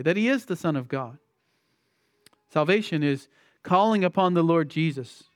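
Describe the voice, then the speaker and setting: A man with a high voice preaches an expository sermon in a close, dry sound. He stresses his points by repeating phrases and putting rhetorical questions to his listeners. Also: clear, resonant tone, no room sound.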